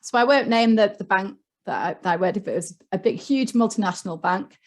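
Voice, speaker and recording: A woman with a Yorkshire accent talks as a guest on a leadership panel. Her voice sits at an ordinary mid pitch, and she explains her points earnestly, often pausing on an um or restarting a phrase. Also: animated. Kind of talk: online panel talk.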